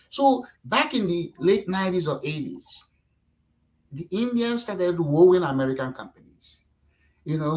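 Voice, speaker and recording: A middle-aged man from Nigeria, talking casually as a guest, animated and acting out quotes, with lots of "you know". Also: a little high, rough recording. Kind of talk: casual interview talk.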